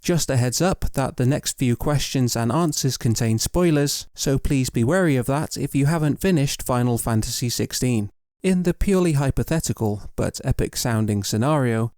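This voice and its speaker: A male interviewer with a mellow, dark voice reads his prepared questions at an even, scripted pace. The sound is close and dry, with no room around it. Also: medium pitch, no room sound.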